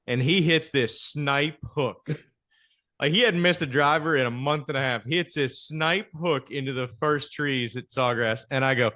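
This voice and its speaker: A man's voice: on the high side, moderate pace. A man hosting a podcast, telling golf stories animatedly and asking guests questions. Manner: animated anecdote telling, soft-spoken when asking questions. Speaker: podcast host. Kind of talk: casual storytelling and interviewing.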